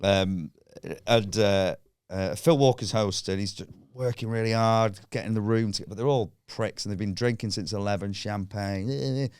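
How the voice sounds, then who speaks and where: A man telling a comedy anecdote on a podcast, animated and sweary, acting out voices. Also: lowish voice, moderate pace, few pauses, clear, resonant tone, no room sound, studio quality. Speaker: stand-up comedian guest. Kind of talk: casual podcast storytelling.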